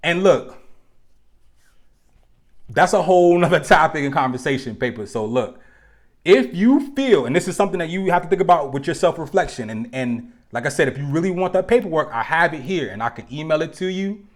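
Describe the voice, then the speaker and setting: A man hosting a live relationship talk, speaking casually with slang and joking asides to his viewers, slowing down to stress key points. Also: a little high, expressive. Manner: loose and conversational, slang, joking asides to the chat.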